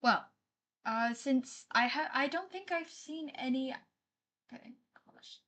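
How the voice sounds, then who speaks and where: A woman streamer talking to her live chat in a loose, casual way. Her voice sits a bit high for a woman, and she keeps apologizing and reading viewers' messages out loud. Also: takes it slowly. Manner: chatty, apologetic, reads chat aloud.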